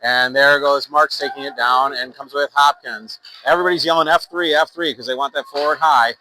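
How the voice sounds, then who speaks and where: A medium-pitched, sharp-toned male announcer calls an amateur youth hockey game a little fast and steadily. He wanders casually, using fillers, correcting himself and reading sponsor plugs between plays, on a low-quality recording with slight background noise.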